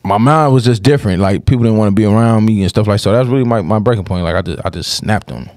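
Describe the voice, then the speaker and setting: A man's voice: on the low side, fast, darkish tone, no echo, studio quality. A young man on a podcast, telling a personal story in casual chat, with lots of slang and swearing and restless run-on sentences.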